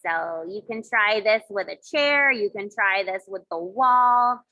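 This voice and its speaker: A woman leading children through yoga poses and breathing games, giving gentle, encouraging instructions with playful sound effects. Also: mid-range voice, unhurried, poor audio. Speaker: kids yoga teacher. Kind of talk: guided kids yoga and mindfulness.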